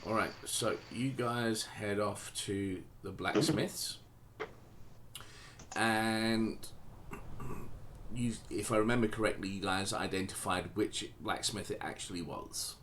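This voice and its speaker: A man's voice: lowish voice, takes it slowly, fairly bright tone. A man running a tabletop game as game master, narrating loosely with frequent ums and restarts.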